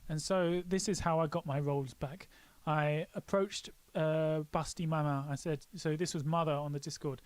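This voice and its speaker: A man's voice: on the high side, fairly even intonation, normal speed, no room sound. A man hosting a casual live stream walkthrough, joking and poking fun at himself. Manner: joking, self-mocking.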